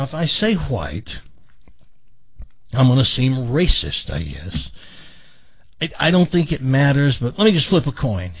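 Animated joke-telling radio host, man. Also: mid-range voice, husky. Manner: animated joke-telling, voicing characters in quotes. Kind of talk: telling jokes on talk radio. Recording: dull lo-fi radio broadcast.

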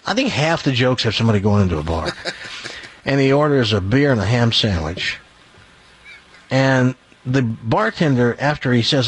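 Chatty, husky-voiced radio host. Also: male voice, medium pitch, expressive, normal speed, fairly bright tone. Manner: chatty, rambling, chuckling at his own jokes. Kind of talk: casual joke telling and live ad read.

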